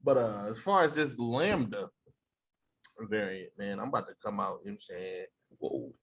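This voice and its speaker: A man's voice: lowish voice, normal speed, gravelly, slightly rough. A man co-hosting a podcast in loose, joking, profane banter. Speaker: podcast co-host. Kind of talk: casual chat.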